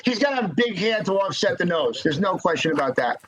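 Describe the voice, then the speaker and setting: A man telling stories as a podcast guest in casual chat, halting and repeating words as he restarts. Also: sits high, very animated, over a noisy crowd, low-quality recording.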